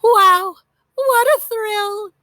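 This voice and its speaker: A woman voicing an excitable, adventurous older aunt in a storybook reading, gushing and fond. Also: sits high, measured pace, dry recording. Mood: thrilled.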